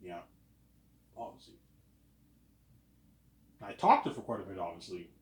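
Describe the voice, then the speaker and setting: A man's voice: low voice, very animated, moderate pace. A man, around thirty, rambling in a casual, self-assured monologue and tacking "obviously" and "man" onto his sentences. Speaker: vlogger. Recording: roomy echo.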